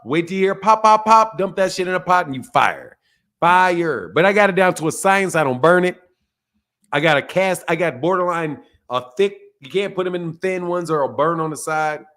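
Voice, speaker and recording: A man's voice: a little high, a bit bright. A man hosting a boxing channel who chats loosely and jokes with his viewers, using plenty of slang and laughing often. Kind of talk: casual livestream chat.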